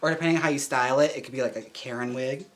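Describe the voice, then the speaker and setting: A man streaming live as a drag performer and wig stylist, trying on wigs and chatting in a campy way with quick laughing asides. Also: medium pitch. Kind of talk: casual live-stream chat.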